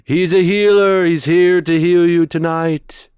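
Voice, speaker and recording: A man imitating a male faith-healing preacher, intoning breathy prayers to a crowd. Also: on the high side, steady tone, a little slow, darkish tone, no echo, studio quality, voice pushed up, lightly acted. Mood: hushed intoning.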